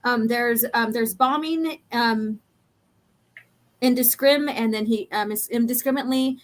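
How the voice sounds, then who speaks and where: Casual woman host, a touch high-pitched, talkative, lots of ums. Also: a little slow. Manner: chatty, reads comic lines aloud with many ums. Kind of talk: casual chat walking through comic pages.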